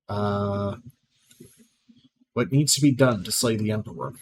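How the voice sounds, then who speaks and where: Casual lowish-voiced man playing a game. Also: unhurried, pauses often. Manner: casual, thinking aloud with fillers. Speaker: let's play host. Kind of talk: gameplay commentary. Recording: clear background noise.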